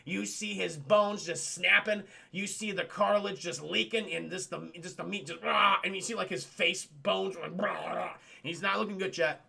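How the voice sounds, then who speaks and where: Animated swearing streamer with a high, gravelly voice. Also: male voice, normal speed. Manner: animated, swearing, acts out characters in goofy voices. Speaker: streamer reviewing a film. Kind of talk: profane live-stream movie recap.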